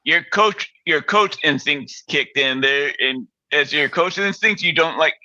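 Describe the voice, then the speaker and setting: A man's voice: a little high, unhurried, pushed and bright, muffled recording. A man co-hosting a sports talk show, bluntly and emphatically agreeing with his partner. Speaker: sports podcast co-host. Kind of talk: casual sports chat.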